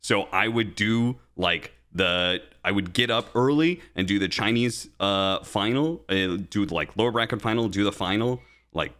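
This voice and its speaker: A low-pitched man with a bright, forceful tone tells a rambling, profane story in a relaxed podcast chat. He talks like a working caster, animated and heated, piling on curses as he goes. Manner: profane, animated storytelling, rising when angry. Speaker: podcast co-host and esports caster.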